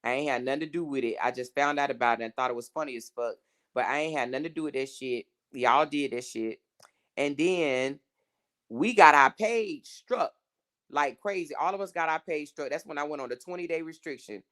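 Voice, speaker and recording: Woman, blunt, animated, casual gossip chat, swears a lot. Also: low voice, brisk. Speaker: podcast co-host.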